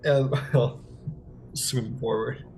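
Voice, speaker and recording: A man's voice: mid-range voice, steady tone, slow pace, darkish tone, faint music behind, poor audio. A man narrating a tabletop role-playing game as game master in a casual, filler-heavy manner. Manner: casual, lots of "um" and "like".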